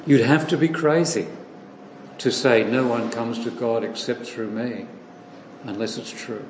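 Slow, deliberate preacher in an echoey hall. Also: male voice, mid-range voice. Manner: slow, deliberate, repeats phrases for emphasis. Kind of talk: sermon. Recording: echoey hall, slightly distant, faint room noise.

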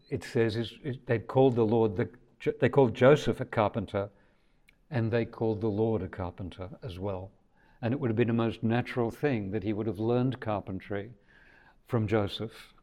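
A man with a fairly low voice delivers a sermon. He talks in a conversational, reflective way and often circles back to restart a phrase. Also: a little mellow. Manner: conversational, thoughtful, with frequent restarts. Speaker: preacher.

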